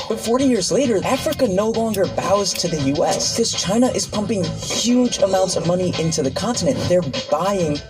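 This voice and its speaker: A documentary narrator delivers a scripted explainer in a brisk, informative read. The voice holds a middle pitch and keeps its delivery even. Background music plays clearly under the narration.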